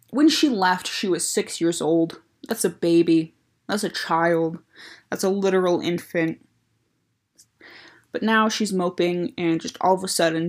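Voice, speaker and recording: Woman, casual commentary, rambling, self-mocking, reads fan fiction aloud. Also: fairly low pitch. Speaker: video host reviewing her own teenage fan fiction.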